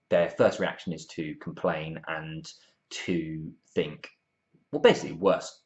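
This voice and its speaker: Casting: deep-voiced man, relaxed Bible talk, hesitant and chatty, dull lo-fi sound. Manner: informal, many ums and restarts, acts out quotes. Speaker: youth Bible talk presenter.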